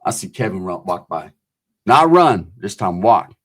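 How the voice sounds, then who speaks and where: A man's voice: low voice, big pitch swings, normal speed. A man telling prison stories in casual, profane street talk, acting out the voices of the people in them. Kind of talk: casual storytelling.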